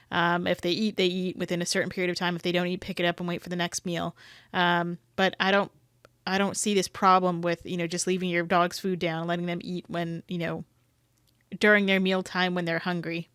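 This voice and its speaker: Opinionated woman dog trainer, smooth voice. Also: fairly low pitch, a bit bright, no room sound, studio quality. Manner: opinionated, rambling, many hedges. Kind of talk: reaction commentary.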